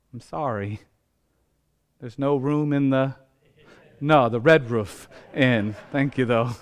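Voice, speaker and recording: A man's voice: mid-range voice, smooth. A man, a pastor telling a self-deprecating personal story in a sermon. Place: church sanctuary.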